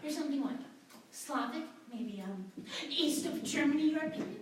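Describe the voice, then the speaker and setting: A woman's voice: high voice, expressive, normal speed. A woman playing a bubbly, snooty female corporate interviewer in a staged duo scene, prying and giggly. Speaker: speech competitor in a duo scene. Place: school room at a speech tournament. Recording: echoey room, mic far off, noisy.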